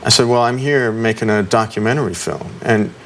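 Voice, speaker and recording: A low-pitched middle-aged man tells an interviewer about an ordeal, pausing often with ums and restarting his sentences. A faint hiss of noise sits under his voice. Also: a bit bright. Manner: halting, with many ums and restarts. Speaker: interview guest.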